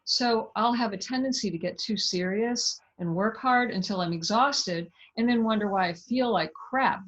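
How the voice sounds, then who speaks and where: A woman's voice: mid-range voice, moderate pace, lo-fi sound. A woman hosting a live online talk, effusive and enthusiastic, reading viewer comments aloud and thanking her guest. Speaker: host. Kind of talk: live online interview wrap-up.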